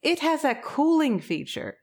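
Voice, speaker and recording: A woman co-hosting a casual chat, commenting in an amused, animated way. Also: high-pitched, a little slow. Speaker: podcast co-host.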